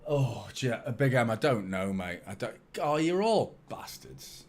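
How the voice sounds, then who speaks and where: A young man with a lowish voice speaks at normal speed. Hosting a fan channel's live-stream watchalong, he chats casually with viewers, swears plenty and trades self-mocking banter with chat.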